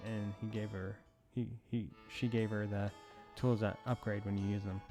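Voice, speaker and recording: A man's voice: lowish voice, level tone, normal speed, few pauses, darkish tone, faint music behind. A man giving casual commentary as he plays a farming game, rambling with self-amused asides. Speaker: let's play host.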